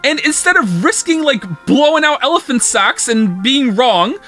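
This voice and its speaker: A man streaming a game talks straight at his chat in a very high, sharp voice. He rants in a loose, profane way and keeps pushing back on what they say. Faint game music runs quietly behind him. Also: lively intonation, normal speed. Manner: incredulous, profane ranting at chat. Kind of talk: casual live-stream chat.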